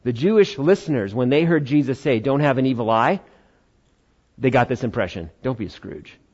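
An American man preaching a sermon in a conversational style, with quick quoted asides. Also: medium pitch, lively intonation, darkish tone, highs cut off. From United States. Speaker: pastor.

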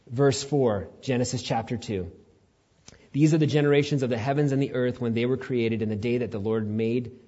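A man preaching a sermon as a pastor, animated, acting out quotes with sudden high jumps in pitch before dropping low and quiet. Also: slightly rough, muffled recording.

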